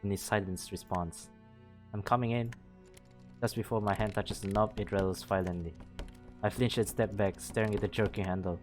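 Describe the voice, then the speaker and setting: A low-voiced man from Malaysia reads a visual novel's narration aloud in a steady, even way. Faint game music runs quietly under his voice. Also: fairly quick. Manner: reads narration steadily, breaking off to laugh and comment. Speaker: VTuber streamer.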